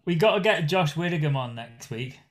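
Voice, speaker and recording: Lively, jokey man bantering. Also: a little high, a little fast, crowd noise. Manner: crude jokey banter, laughs often. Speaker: podcast co-host. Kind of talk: casual chat.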